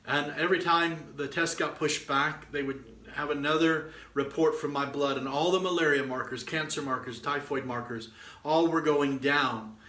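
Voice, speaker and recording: Middle-aged man, preacher, fervent storytelling sermon, bright tense tone, roomy echo. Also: fairly high pitch, steady tone, normal speed. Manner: fervent, exhorting, piles up repeated "and"s. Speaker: preacher sharing a testimony.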